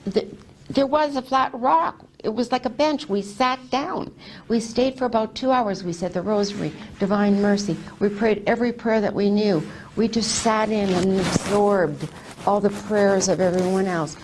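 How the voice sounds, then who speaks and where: An older woman telling a personal faith testimony, retelling it animatedly with lively quoted speech. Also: mid-range voice, moderate pace, a little hiss or hum. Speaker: testimony speaker.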